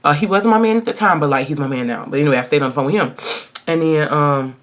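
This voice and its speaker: A woman's voice: low-pitched, fast. A woman in her twenties telling a personal story in a casual get-ready-with-me video, chatty and emphatic, talking straight to her viewers. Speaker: vlogger.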